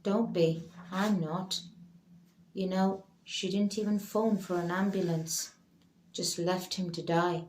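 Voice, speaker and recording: A woman voicing a lonely, troubled young man, quiet and weary. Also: high voice, fairly even intonation, slow, a little hiss or hum. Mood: bitter. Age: young adult. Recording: roomy echo.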